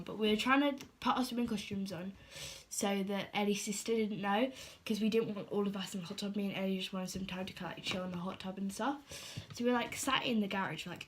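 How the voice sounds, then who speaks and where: A woman's voice: medium pitch, a little hiss or hum. A teenage girl, telling a storytime vlog in a chatty, filler-heavy way and acting out what people said.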